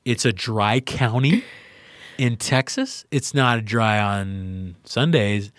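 A young man from Louisiana, a podcast guest telling a story in a casual, profane, animated way and acting out the people he quotes. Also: on the low side, slow, no echo, clean studio sound. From Louisiana, USA.

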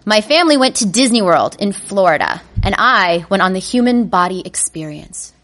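A woman telling a comedic personal story to a live audience, animated and self-mocking. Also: mid-range voice, moderate pace. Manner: animated, self-mocking, breaks into panicked inner voices.

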